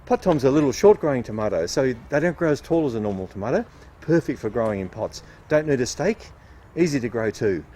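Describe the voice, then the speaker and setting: A man's voice: medium pitch, very animated, fairly quick, warm tone, a little hiss or hum. A man, a nurseryman explaining patiently and cheerfully how to dig a garden bed and plant tomatoes. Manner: patient, upbeat explaining while digging and planting.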